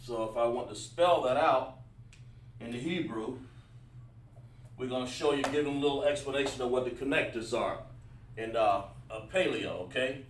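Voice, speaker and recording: A man's voice: medium pitch, moderate pace, pauses often, background noise. A man teaching a livestreamed lesson, talking while he writes on a board, with many fillers and restarts. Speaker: Hebrew teacher. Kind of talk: livestream class. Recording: roomy echo, mic at a distance.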